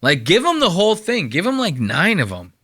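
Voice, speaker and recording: A man's voice: sits high, wildly swooping pitch, fairly quick, fairly bright tone, husky, no echo, clean studio sound. A man hosting a podcast who riffs crudely and mockingly on video clips. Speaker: podcast host reacting to clips. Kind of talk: profane comedic commentary.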